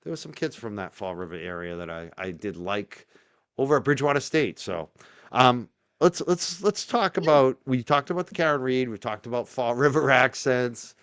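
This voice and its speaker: Middle-aged male host, North Shore Boston accent, smooth resonant voice, rambling casual chat. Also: medium pitch, animated, normal speed, fairly bright tone. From North Shore, Massachusetts. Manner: rambling, chatty, many restarts. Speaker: host of a live news chat. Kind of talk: casual live-stream chat.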